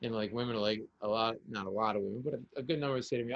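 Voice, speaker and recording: A man co-hosting a casual comedic chat over a video call, telling stories with deadpan punchlines. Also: medium pitch, racing, few pauses, muffled recording. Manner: joking storyteller, deadpan punchlines. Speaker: comedian, co-host.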